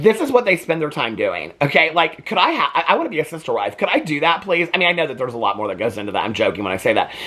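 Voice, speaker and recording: A man's voice: on the high side, pushed and bright. A man chatting casually about a TV show he is watching, swearing freely and laughing often. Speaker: reaction channel host. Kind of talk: casual TV reaction commentary.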